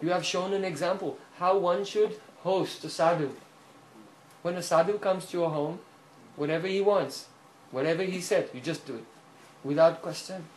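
A man voicing a demanding old sage calmly pronouncing judgment, in an echoey room with faint hiss. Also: high voice, moderate pace, close to an everyday voice. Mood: pleased.

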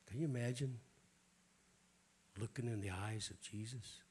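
A middle-aged man preaching an informal Pentecostal sermon in a church, hoarse and raspy, often clearing his throat, with folksy jokes to the congregation. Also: mid-range voice, moderate pace, a little mellow, slight background noise. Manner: folksy, joking asides to the congregation.

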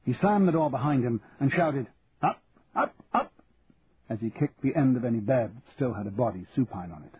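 A man reading a novel aloud in a measured, even narration. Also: medium pitch. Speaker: audiobook narrator. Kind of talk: scripted narration. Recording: narrow phone-like sound, faint hiss.

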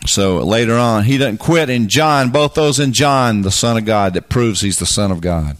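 A man preaching a Bible teaching, folksy and emphatic, dropping into quiet asides and then rising to loud, fervent bursts. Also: fairly low pitch, animated, normal speed.

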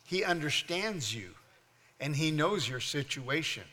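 An older man preaching a sermon as pastor, joking through a story and then building into loud, fervent preaching. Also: a little high, lively intonation, measured pace, noisy background. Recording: long hall reverb.

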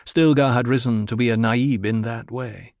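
A man narrating a novel in an even, descriptive reading. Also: mid-range voice, moderate pace, dry recording, clean studio sound. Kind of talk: audiobook narration.

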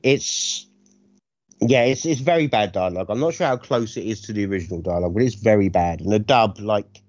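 A man co-hosting a film review chat, animated, sarcastic and freely profane. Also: on the low side, fairly quick, no echo, dull audio. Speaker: podcast co-host reviewing films.

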